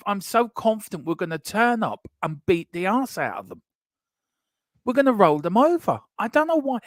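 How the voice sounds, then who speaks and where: A man co-hosting a casual fan chat show, reading out comments in an animated, joking way and repeating himself for emphasis. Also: high-pitched, dry recording, clean studio sound. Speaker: co-host of a fan channel show.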